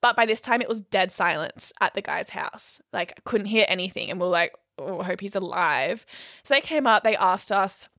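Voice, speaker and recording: A young woman, co-hosting a podcast and telling a story in a casual, animated way, swearing freely and saying "like" a lot. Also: mid-range voice, moderate pace, dry recording, studio quality. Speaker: podcast co-host.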